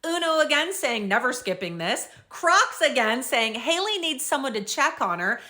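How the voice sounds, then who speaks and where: A woman's voice: sits high, big pitch swings, moderate pace, sharp tone. A young woman host recapping and reading out social media comments in an upbeat, bubbly way.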